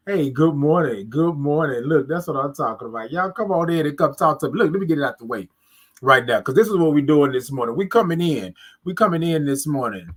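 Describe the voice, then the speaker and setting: A man hosting a casual morning livestream, greeting viewers by name with drawn-out sing-song hellos and lots of "y'all" on a close mic. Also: on the high side, lively intonation. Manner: Southern US vernacular, "y'all". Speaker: livestream morning show host. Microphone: close mic, moved nearer.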